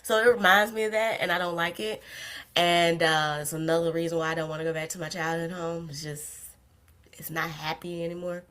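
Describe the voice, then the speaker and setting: A young woman with a low, deep-set voice hosts a casual solo livestream. She rambles from tangent to tangent with self-deprecating humor and laughs often. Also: level tone, fairly quick, a bit bright. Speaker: podcast host.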